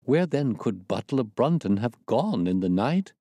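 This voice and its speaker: A man reading a classic detective story aloud as a storyteller, measured and expressive. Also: mid-range voice, no room sound.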